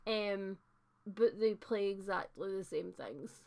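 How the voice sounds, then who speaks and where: A young woman hosting a casual livestream book chat, talking warmly and chattily, reading out viewer comments with fillers and laughs. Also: medium pitch, slow pace, gravelly.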